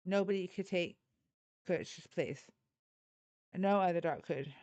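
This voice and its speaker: A woman's voice: lowish voice, takes it slowly, a little mellow, dry recording. A woman hosting a livestream in casual chat, rambling and laughing often, swearing casually and cooing baby talk at her dogs. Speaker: livestream host.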